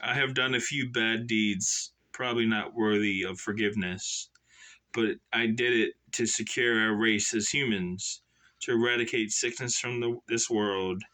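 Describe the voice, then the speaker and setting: A man voicing an older male emperor turned sinister grandmaster, who speaks in a fond, coaxing and quietly menacing way. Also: lowish voice, fairly even intonation, measured pace. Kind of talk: self-published novel read aloud.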